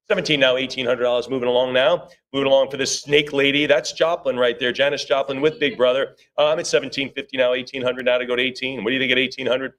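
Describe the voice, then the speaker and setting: A man working as auctioneer, calling bids rapidly in a live auction and breaking off for chatty asides to bidders and staff. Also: medium pitch, a bit bright. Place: auction room.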